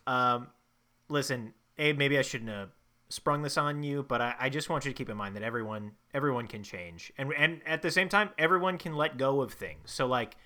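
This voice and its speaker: A man's voice: medium pitch, moderate pace, sharp tone. A man hosting an improvised comedy podcast, talking hesitantly with lots of restarts. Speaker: podcast host.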